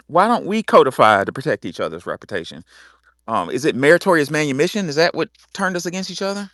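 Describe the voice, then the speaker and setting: A middle-aged man hosting a talk show, telling stories in a lively way, cussing freely and acting out the people he quotes. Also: a little high, quick pace, no room sound, clean studio sound. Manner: animated storytelling with acted-out quotes; cusses freely. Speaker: host. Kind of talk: casual talk show monologue.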